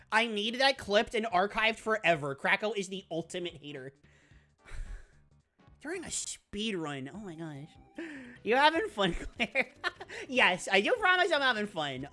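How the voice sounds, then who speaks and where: A woman streaming a video game, chatting casually with her viewers, laughing often and squealing when things get exciting. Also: mid-range voice, unhurried. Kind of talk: casual live-stream commentary.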